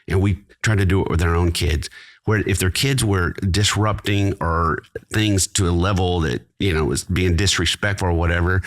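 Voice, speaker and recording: A middle-aged man with a low, deep voice, chatting on a podcast. He talks with lively, high-energy storytelling and slips into other voices when he quotes people. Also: normal speed. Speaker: podcast host. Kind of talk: casual podcast chat.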